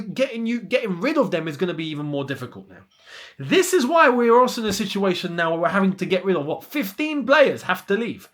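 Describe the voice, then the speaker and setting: A man's voice: high-pitched, fairly bright tone. A young man, hosting a casual football chat and ranting with plenty of rhetorical questions. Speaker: football channel host.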